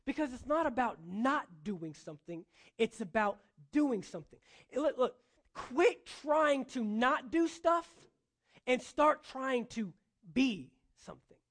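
A man's voice: very high voice, animated, measured pace. A male pastor preaching a sermon, emphatic, driving points home with repeated phrases.

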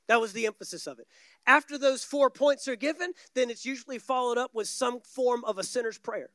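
A man's voice: very high voice, brisk, bright, forceful tone, no room sound. A man preaching a sermon from a church stage, emphatic and repeating key words for stress. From United States.

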